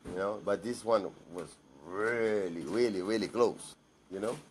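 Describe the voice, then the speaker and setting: A man's voice: fairly low pitch, unhurried, slight background noise. A man giving a blunt, emphatic personal monologue to camera, repeating himself for stress.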